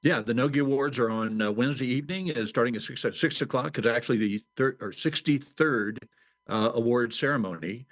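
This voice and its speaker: A man's voice: mid-range voice, a little fast, no room sound. Male magazine writer, mid-range voice, dry close sound, matter-of-fact, lists details.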